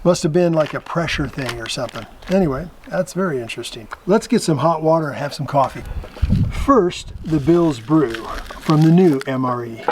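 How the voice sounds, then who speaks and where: A man's voice: fairly high pitch, animated, moderate pace. Chatty man on a noisy recording. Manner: chatty, chuckles often, thinks aloud. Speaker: vlog host reviewing military rations. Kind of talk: casual show-and-tell commentary. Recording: noisy home video recording.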